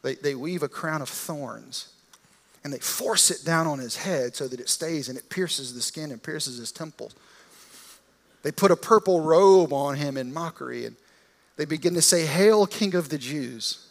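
A man's voice: a little high, normal speed. A man preaching a sermon, retelling a story in a casual, vivid, conversational way. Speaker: pastor.

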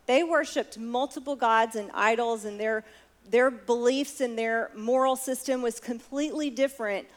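Female preacher, sermon delivery, slightly high voice, storytelling with questions to the congregation. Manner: storytelling, asks the listeners direct questions.

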